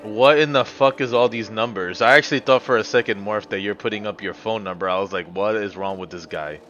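A man's voice: on the low side, a little fast, a bit bright, lo-fi sound, soft background music. A man streaming a puzzle game live, swearing, ranting and talking to his chat. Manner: profane, ranting, talks to chat. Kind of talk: live gameplay commentary.

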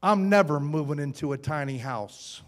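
Pastor, high voice, folksy and playful sermon delivery, long hall reverb. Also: male voice, animated, normal speed. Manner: folksy, playful, rhetorical questions to the congregation.

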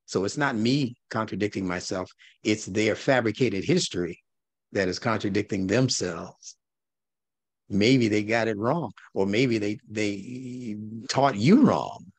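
A male religious instructor with a fairly low voice teaches a recorded class at a measured pace, pressing listeners with rhetorical questions and repeating his key points. There is no room sound.

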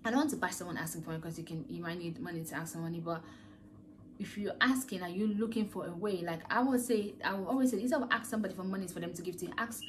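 A woman's voice: lowish voice, slight background noise. A woman host giving an earnest, rambling motivational talk full of rhetorical questions. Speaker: podcast host.

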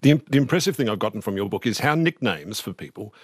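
A man's voice: fairly low pitch, very animated, quick pace, no echo, studio quality. Thoughtful male interviewer. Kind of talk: interview questions.

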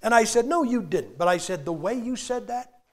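Man, preacher, sermon storytelling, fairly high voice, animated, sudden shouts. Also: moderate pace. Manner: animated storytelling, acting out quotes with sudden loud outbursts.

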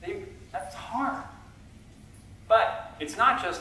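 A middle-aged man giving a conference talk from a stage, a self-confessed low talker who is chatty and self-deprecating and talks back and forth with the audience. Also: expressive, normal speed, fairly bright tone, slight background noise. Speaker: conference speaker. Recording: echoey hall, heard from far off.

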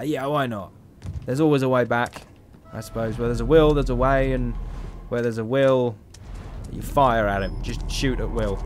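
A man's voice: mid-range voice, a little hiss or hum. A tired man giving rambling, joking commentary as he plays. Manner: rambling, joking, talks to himself. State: tired, yawning. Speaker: gameplay commentator. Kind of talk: casual game commentary.

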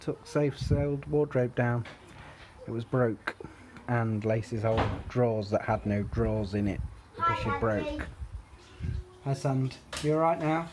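A man's voice: mid-range voice, unhurried, noisy background. British man rambling through a home vlog. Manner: rambling, with many fillers and restarts. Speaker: vlogger. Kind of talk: casual daily vlog chat. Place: at home, indoors. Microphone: handheld phone.

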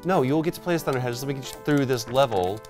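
A voice actor casually bantering and joking while playing a retro video game with a friend. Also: male voice, mid-range voice, very fast, darkish tone, soft background music. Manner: goofy, riffing, slips into silly bits.

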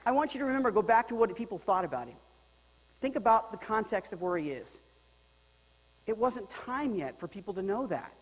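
A male pastor preaching a sermon in a lively, joking way, swinging between loud and quiet. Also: high voice, a little fast, big-room sound, rough recording. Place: church sanctuary.

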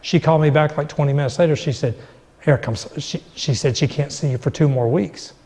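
A man's voice: fairly high pitch, fast talker, a little mellow, big-room sound. A middle-aged man sharing a personal faith testimony, acting out the dialogue as he tells it. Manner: storytelling, acts out quoted dialogue. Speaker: guest.

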